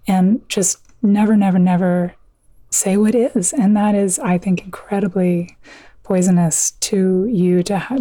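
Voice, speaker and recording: A woman author telling an old myth in a conversation, earnest and vivid, with quick asides. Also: mid-range voice, mellow, dry recording. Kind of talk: conversational storytelling.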